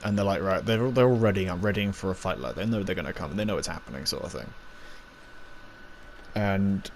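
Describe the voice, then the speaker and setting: A man with a fairly low voice talks through a review in a loose, rambling way. He recaps scenes, acts out bits of dialogue and trips over fillers. A faint hiss of noise sits under the recording. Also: fairly quick, gravelly. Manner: rambling, full of fillers and acted-out quotes.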